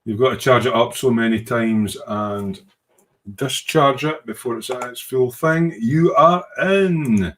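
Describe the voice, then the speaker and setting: A man's voice: mid-range voice, unhurried, a bit bright. A man hosting a casual livestream about model making. He reads out viewer comments, rambles in a self-deprecating way, uses informal British slang and hums to himself while he clicks around. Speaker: livestream host and hobby model maker.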